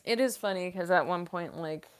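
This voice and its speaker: A woman's voice: lowish voice, normal speed, clean tone, faint music behind. A young woman voice actress chatting casually on a livestream Q&A, rambling with lots of fillers and frequent giggles. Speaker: voice actress streamer.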